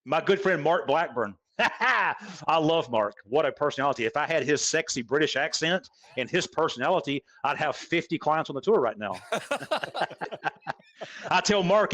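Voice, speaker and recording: A man's voice: on the high side, expressive, measured pace, fairly bright tone. A man speaking as a golf instructor guest on a podcast, talking casually and hammering points home by repeating them. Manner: emphatic, repeats points for stress.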